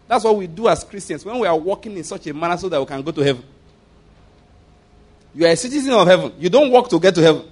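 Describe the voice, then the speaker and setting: A middle-aged male pastor preaching a sermon in an emphatic, animated way, often repeating his phrases. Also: high voice, fast, husky.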